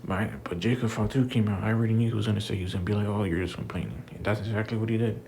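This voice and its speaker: A man's voice: lowish voice, fairly even intonation, very fast, gravelly, a little mellow, slight background noise. A man giving a heated, repetitive rant about wrestling, swearing often and stacking up fillers. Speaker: wrestling commentator. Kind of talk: ranting commentary.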